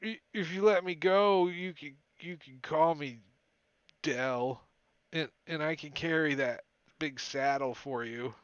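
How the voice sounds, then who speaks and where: A man's voice: on the high side, a little slow, smooth, no room sound, muffled recording, voice pushed up, close to an everyday voice. A man voicing a frightened, shivering young prisoner who stammers and pleads. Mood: pleading.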